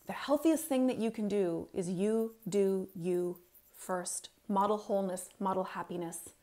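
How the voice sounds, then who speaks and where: A woman's voice: medium pitch, a little slow, mellow. A middle-aged woman, a parenting coach, giving a motivational stage talk, speaking emphatically to the audience and repeating her key points.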